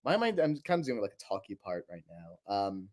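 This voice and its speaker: Very animated and brisk, this young man's voice sits on the low side as he chats casually on his livestream. His throat is a little sore, and he rambles, laughing at himself self-deprecatingly.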